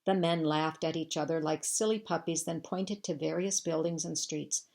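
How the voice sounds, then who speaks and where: A teacher with a notably low voice reads a chapter book aloud to her young pupils. She tells the story in a steady, measured way, pausing between phrases. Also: creaky.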